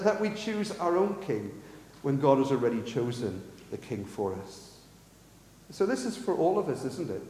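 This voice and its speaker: A man's voice: sits high, dark tone. A man preaching a sermon in earnest, asking the congregation rhetorical questions in a church hall. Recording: echoey, long hall reverb.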